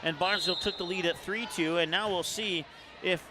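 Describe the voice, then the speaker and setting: Calling a high school volleyball match in a noisy gym broadcast, a man with an Upper Midwest American accent does play-by-play in a steady tone. His calls come rapidly and rise to shouts on big points.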